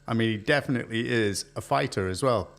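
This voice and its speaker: A man's voice: mid-range voice, fast talker, vocal fry, fairly bright tone. A man hosting a casual chat show, joking and laughing often with his co-host.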